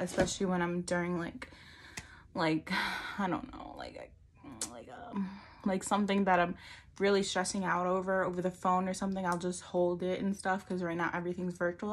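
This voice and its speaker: A woman's voice: on the low side, steady tone, moderate pace, slight background noise. A young woman chatting casually through a shopping haul vlog, rambling and full of "like", a bit out of breath. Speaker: vlogger.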